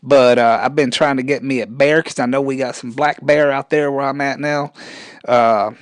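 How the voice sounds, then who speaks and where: A man's voice: mid-range voice, fairly even intonation, dry recording, natural voice. A man doing a rambling redneck. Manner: rambling, ends every phrase with "man"; stumbles on words when talking fast. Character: scrawny rambling country man with thinning hair.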